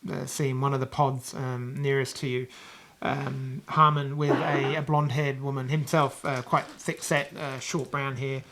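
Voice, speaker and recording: A man with a New Zealand accent narrating as game master of a tabletop game, rambling with many pauses and restarts. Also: medium pitch, little pitch movement, a bit bright.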